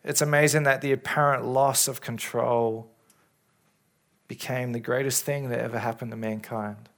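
A man preaching in a church, speaking as a pastor in an earnest, caring way with halting restarts, into a stage microphone. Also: mid-range voice, fairly even intonation, a bit bright. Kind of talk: sermon. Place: church service. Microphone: handheld or stage microphone.

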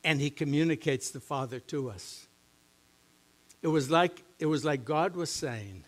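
A middle-aged man, a pastor preaching a sermon in a church, moving between quiet, low musing and loud, emphatic teaching. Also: normal speed. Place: church sanctuary.

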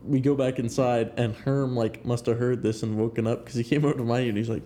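A man's voice: medium pitch, steady tone, fast, mellow, a little hiss or hum. A young adult man co-hosting a podcast, telling a story in a laid-back, rambling way and laughing along as he goes. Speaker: podcast co-host. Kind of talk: casual storytelling chat.

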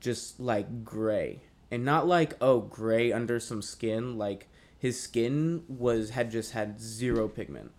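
A young man rambles through a story in casual chat, swearing and using lots of fillers. His voice is medium-pitched, slow, and a little mellow.

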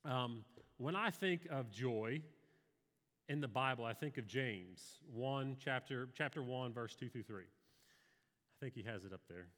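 A man's voice: mid-range voice, measured pace, fairly bright tone, big-room sound. A man preaching a sermon to a live congregation in an earnest, conversational way, with personal stories. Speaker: pastor.

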